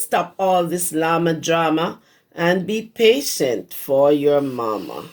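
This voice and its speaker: A hoarse woman who teaches preschool, reading a picture book aloud to young children and stopping to explain words. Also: deep voice, lively intonation, takes it slowly, darkish tone. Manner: explains words to small children as she reads. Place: her home.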